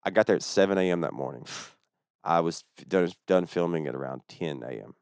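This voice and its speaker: A young man, a stand-up comedian telling a story in casual chat, fast and full of swearing. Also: sits low, gravelly, a little mellow, clean tone, no echo, studio quality. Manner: fast-talking, profane.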